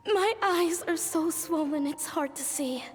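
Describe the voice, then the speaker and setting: A woman's voice: extremely high pitch, measured pace, in a large hall, a little hiss or hum. An actress playing a young mother reading her diary entries aloud in a reflective, tender way. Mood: grieving.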